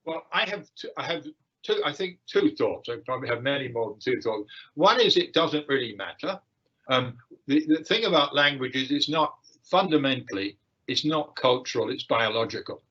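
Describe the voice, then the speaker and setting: An older man giving a lecture and answering questions, with frequent fillers, pauses and restarts. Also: mid-range voice, expressive, a bit bright. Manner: hesitant, many fillers and restarts. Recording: dull lo-fi livestream audio.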